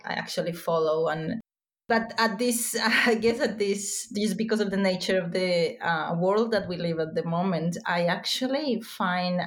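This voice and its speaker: A woman guest in casual chat, excitable and rambling, with many fillers and restarts, over a remote call. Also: fairly low pitch, measured pace.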